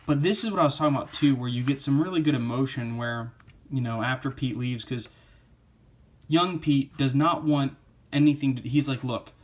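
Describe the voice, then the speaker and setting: A man's voice: mid-range voice, a little hiss or hum. A man giving a casual spoken comic book review, rambling with lots of fillers like "uh" and "you know".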